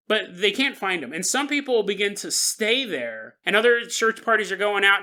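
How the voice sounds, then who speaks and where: A man hosting a podcast who tells a strange story in a comic way. He laughs often and talks straight to the listener. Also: high voice. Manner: animated, laughing, jokes to the listener. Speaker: podcast host. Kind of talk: comedic paranormal storytelling.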